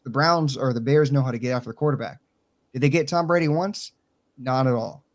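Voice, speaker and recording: A man's voice: medium pitch, a little fast. A man with a country accent co-hosting a casual sports talk show, blunt and swearing freely as he tells stories. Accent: Southern US country. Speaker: co-host.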